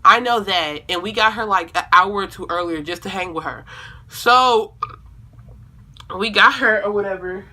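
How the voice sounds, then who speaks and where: A woman's voice: medium pitch, moderate pace, bright, forceful tone. A young woman telling a storytime video at home in a casual, rambling way, correcting herself and swearing freely. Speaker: vlogger.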